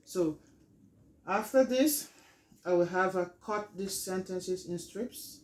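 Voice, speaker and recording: A teacher presenting a lesson plan in a halting, explanatory way, pausing to gather their thoughts. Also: mid-range voice, a little mellow, rough recording.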